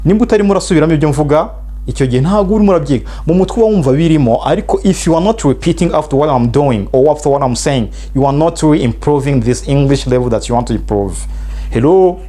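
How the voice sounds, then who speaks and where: A man's voice: fairly high pitch, racing, warm tone. A man with a Rwandan accent teaching an English lesson, switching between two languages and repeating phrases for students to drill.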